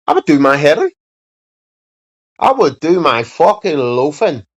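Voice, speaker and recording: A man hosts a livestream from his home setup, rambling casually and bluntly to viewers with lots of swearing. His voice sits fairly high, swings widely in pitch, and moves a little slowly. The recording sounds dull and lo-fi.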